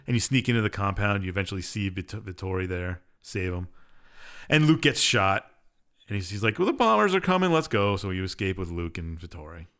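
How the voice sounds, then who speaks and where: A man's voice: deep voice, a little fast, a bit bright. Casual man recapping a game plot. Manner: rambling plot recap, offhand and sarcastic. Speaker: podcast co-host. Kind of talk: casual chat.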